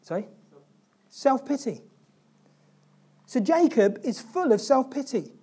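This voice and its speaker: A male pastor preaching a sermon, retelling a Bible story with animated asides and questions to the congregation. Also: very high-pitched, takes it slowly, husky. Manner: animated storytelling, acting out biblical figures' lines.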